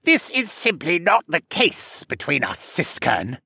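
A cruel, scheming courtier with a snake's hiss and a high, sneering voice, done by a man reading a story aloud. He talks down to everyone. The tone is gravelly and a little husky, and it sits close and dry. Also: wildly swooping pitch, a little slow, bright, forceful tone, dry recording, exaggerated voice. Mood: smug.

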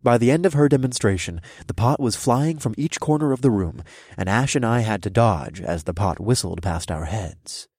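A man narrates a fantasy tale in the first person. His voice sits on the low side but moves a lot in pitch, giving the reading real lift. The sound is close and dry. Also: expressive, moderate pace, darkish tone, slightly rough, no echo. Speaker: audiobook narrator.

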